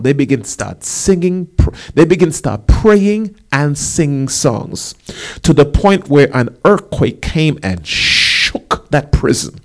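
A male pastor preaching a sermon, animated, with rising emphasis and casual asides. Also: mid-range voice, measured pace.

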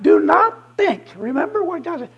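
A guest preacher giving a fiery sermon, emphatic and repetitive, swinging from shouted declarations to hushed asides. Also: very high voice, very animated, normal speed, gravelly, dull audio.

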